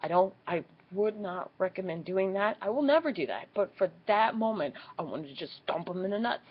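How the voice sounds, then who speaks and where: Animated young woman vlogger, husky voice. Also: a little fast, dull audio. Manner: animated, swearing, acts out quotes in squeaky high voices. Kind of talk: casual storytelling vlog.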